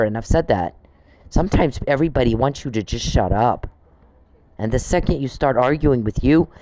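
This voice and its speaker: A man's voice: medium pitch, warm tone, low-quality recording. A man on a podcast, delivering an angry, profane monologue aimed straight at one person he scolds. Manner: indignant, profane, scolding someone directly.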